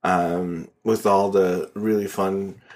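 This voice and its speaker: A man's voice: low voice, flat delivery, takes it slowly, a little mellow. A young man co-hosting a podcast, in casual chat, a little wheezy, rambling with restarts and easy laughs. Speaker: podcast co-host.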